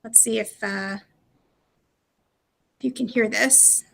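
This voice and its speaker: A woman's voice: fairly high pitch, steady tone, slow, gravelly, fairly bright tone. A woman presenting a live webinar walkthrough, chatty and explanatory, with frequent fillers. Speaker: presenter of a live product demo.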